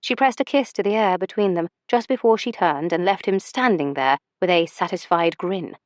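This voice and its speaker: A woman narrating a historical romance audiobook in a measured, expressive storytelling manner. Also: fairly low pitch, no echo.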